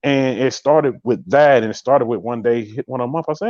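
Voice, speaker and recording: Man, live podcast host, casual chat, rapid delivery, emphatic, dry close sound, slightly muffled audio. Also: medium pitch, steady tone, a little mellow, no echo. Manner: emphatic, repeats catchphrases, speaks straight to viewers.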